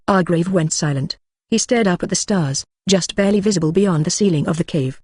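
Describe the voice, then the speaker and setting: An audiobook narrator reading a fantasy romance in a steady, even voice. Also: medium pitch, normal speed, breathy edge, no room sound, studio quality. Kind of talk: steady read-aloud narration.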